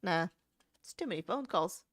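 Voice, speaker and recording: A woman's voice: lowish voice, animated, moderate pace, dry recording, clean studio sound. A woman co-hosting a podcast, chatting casually and laughing often. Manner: amused, laughs a lot. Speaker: podcast co-host. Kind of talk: casual chat.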